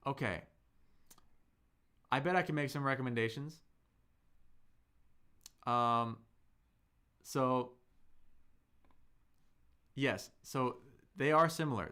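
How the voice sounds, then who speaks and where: Slow-talking man teaching live. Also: medium pitch, animated. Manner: slow, drawn-out speech with many fillers, demonstrating sounds; thanks viewers in chat warmly. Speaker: Chinese teacher hosting a live stream. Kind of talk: live-stream language lesson.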